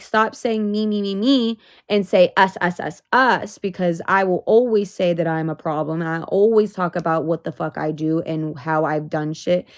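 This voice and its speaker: A woman's voice: mid-range voice, dry recording, studio quality. A young woman venting on a casual livestream, emotional and swearing, rising into exasperated outbursts.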